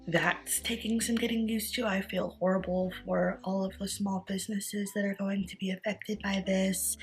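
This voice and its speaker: A woman in her twenties vlogging casually to camera, chatty and candid, her voice groggy with morning sleepiness. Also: fairly low pitch. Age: 20s. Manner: chatty and candid, rambling with fillers.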